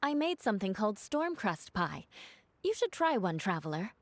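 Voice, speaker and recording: A cool, reserved game knight. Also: female voice, medium pitch, sing-song, normal speed, no echo.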